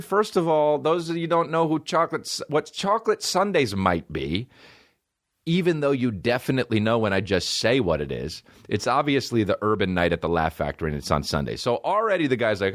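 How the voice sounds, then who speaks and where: Male podcast host in his thirties, lively comic storyteller, profane and rambling, mid pitch with very animated swings. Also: normal speed. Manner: rambling, profane, acts out quoted people in shifting voices. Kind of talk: comedic storytelling.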